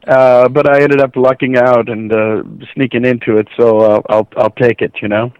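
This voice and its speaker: Middle-aged guy from ohio spinning animated stories, dry close sound, kinda dull lo-fi. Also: medium pitch, normal speed, few pauses, smooth, dry recording. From Ohio, USA. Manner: animated anecdotes, acts out quoted voices. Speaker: voice actor, guest. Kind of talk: casual storytelling interview.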